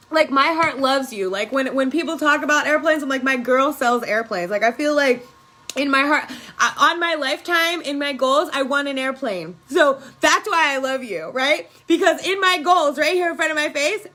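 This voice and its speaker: Lady preaching on a phone live stream, swears a lot, kinda high voice. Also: sharp tone, poor audio. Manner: emphatic, profane, preachy. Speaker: energy worker and spiritual coach. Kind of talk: casual live-stream spiritual pep talk. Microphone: phone on a live video.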